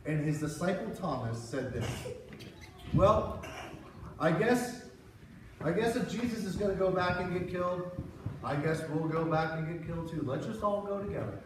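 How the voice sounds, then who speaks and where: A man's voice: a little high, normal speed. A man telling a Bible story to children as a children's pastor, acting out each character's lines. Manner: animated, acts out the voices in the story. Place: church hall. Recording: echoey hall, far from the mic, with background noise.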